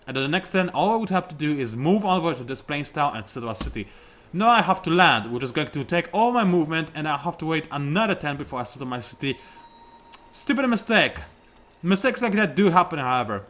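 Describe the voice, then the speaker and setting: A man's voice: on the high side, fairly bright tone. A young man giving casual, self-mocking commentary while playing a strategy game, with sudden outbursts at his opponents. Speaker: gaming YouTuber.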